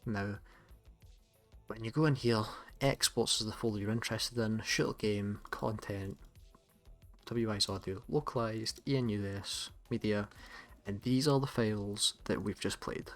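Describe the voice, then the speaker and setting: A man with a Scottish accent, hosting a casual tutorial in a relaxed, chatty way with some self-corrections. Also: on the low side, moderate pace, soft background music. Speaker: tutorial host. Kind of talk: casual screen-recorded tutorial.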